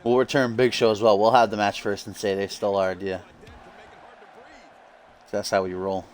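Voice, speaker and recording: A man's voice: lowish voice, little pitch movement, moderate pace, a little hiss or hum. A man hosting casual video game wrestling commentary, joking and swearing with his co-hosts. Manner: joking, profane, laughs often. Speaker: host and commentator.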